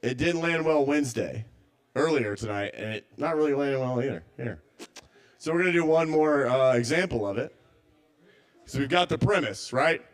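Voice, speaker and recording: A man's voice: medium pitch, expressive, moderate pace. A man doing a stand-up set at a live open mic, rambling and self-doubting, stammering through restarts.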